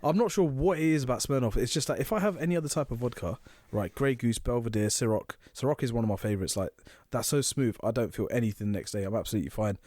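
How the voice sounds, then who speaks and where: Fast-talking man telling stories. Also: mid-range voice, no room sound. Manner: fast, animated anecdotes with acted-out quotes. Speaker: podcast co-host. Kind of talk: casual chat, storytelling.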